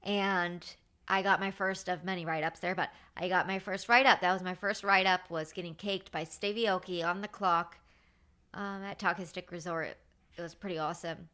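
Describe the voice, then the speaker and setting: Brief: woman in her thirties hosting her podcast, bright and forceful tone, lively anecdote telling. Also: lowish voice, normal speed. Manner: animated, chatty, with many fillers. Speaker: podcast host. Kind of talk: casual storytelling.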